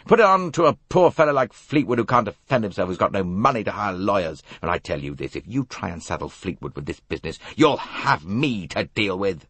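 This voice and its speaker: A man voicing an angry, defiant young man who speaks bluntly and gruffly. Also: low-pitched, sing-song, moderate pace, a bit bright, dry recording, heavily acted.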